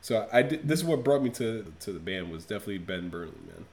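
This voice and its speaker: A man's voice: lowish voice, expressive, quick pace, darkish tone. Profane ranting man on a podcast. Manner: profane, ranting, mock-outraged. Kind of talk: casual podcast chat.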